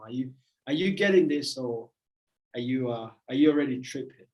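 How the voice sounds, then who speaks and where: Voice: mid-range voice, animated, normal speed, darkish tone, highs cut off. A motivational speaker giving a livestream talk, emphatic and repetitive in a preacherly way. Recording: roomy echo.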